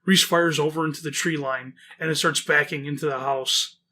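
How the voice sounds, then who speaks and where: A male horror story narrator with a bright, forceful voice pitched a little high. He mixes casual reading with rambling commentary, full of fillers and frequent swearing. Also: fairly even intonation, normal speed. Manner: chatty, rambling, heavy swearing.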